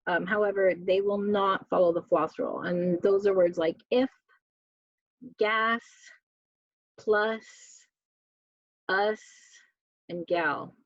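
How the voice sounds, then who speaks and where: A woman teaching a slow spelling lesson, sounding out words and letters one at a time. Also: medium pitch, steady tone, no echo. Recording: dull, dry lo-fi recording.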